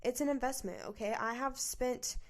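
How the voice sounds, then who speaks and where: Woman podcaster, fairly high voice, chatty and blunt, casual solo talk. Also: normal speed. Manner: chatty and candid, addresses listeners as guys, swears casually. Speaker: podcast host.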